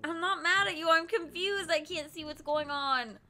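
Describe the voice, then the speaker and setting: A young woman streaming a video game, loudly and excitedly giving her partner step-by-step instructions and laughing often. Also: very high voice, normal speed, a little hiss or hum. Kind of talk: casual gameplay chat.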